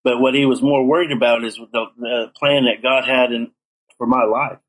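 Middle-aged male guest, mid-pitched, earnest testimony storyteller. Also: fairly even intonation, normal speed, fairly bright tone, poor audio. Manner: earnest storytelling, acts out quoted dialogue. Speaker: guest telling his life story. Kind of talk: personal testimony in an interview.

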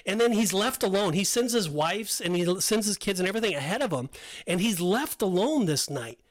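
Podcast co-host, male, high pitched, excitable storyteller who acts out the characters. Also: brisk, no room sound. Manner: animated storytelling, acts out voices of biblical figures. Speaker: podcast co-host teaching the Bible. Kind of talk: casual Bible study chat.

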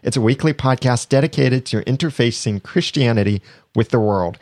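A man's voice: medium pitch, moderate pace, a little mellow, dry recording, clean studio sound. A man hosting a podcast in a chatty, casual way, reading sponsor plugs and laughing often. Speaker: podcast host.

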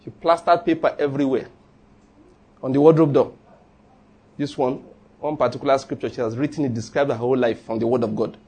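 Pastor preaching, kinda husky, jokey, makes the church repeat after him. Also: male voice, medium pitch, steady tone, a little fast, pauses often, darkish tone. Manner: humorous, conversational preaching with call-and-response. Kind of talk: sermon.

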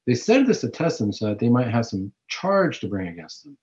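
A man's voice: medium pitch, sing-song, a little fast, a little mellow. A man hosting a Catholic talk show, giving a preaching-style reflection on scripture with rhetorical questions. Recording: dull lo-fi recording.

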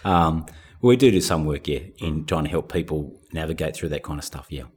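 Guest spot: man, deep husky voice, pastor answering thoughtfully on a podcast, plays himself down. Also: lively intonation, brisk, darkish tone.

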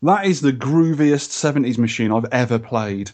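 A man's voice: mid-range voice, normal speed, a little mellow. A man hosting a podcast, chatting in a jokey, enthusiastic, rambling way. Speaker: podcast host. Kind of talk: casual chat.

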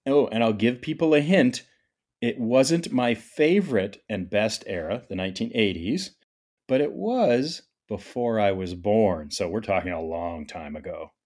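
With a lowish, slightly mellow voice and lively intonation, this middle-aged Ontario man talks a little slowly. Hosting a casual medical podcast, he's chatty and eager, frequently breaking off and restarting sentences.

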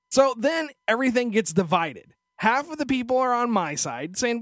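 A man's voice: extremely high pitch, big pitch swings, normal speed, few pauses, fairly bright tone, dry recording. A male podcast host telling a story in a crude, profane, sarcastic rant into a studio microphone. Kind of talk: casual ranting storytelling.

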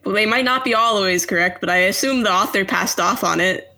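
Bright-voiced chatty female co-host. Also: medium pitch. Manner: chatty, self-deprecating, quick to laugh. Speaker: podcast co-host. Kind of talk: casual book-club chat.

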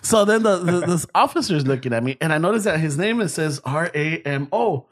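A man's voice: fairly high pitch, animated, fairly quick. A man telling a story in casual chat, swearing, laughing often and switching into Spanish.

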